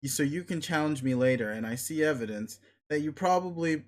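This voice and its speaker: Reading aloud, a man plays a bossy, vicious young alien male, blunt and sneering, pushing his demands on someone. His voice sits slightly high but stays near a plain reading tone, with lively intonation, a fairly quick pace, and light acting. The mood is domineering.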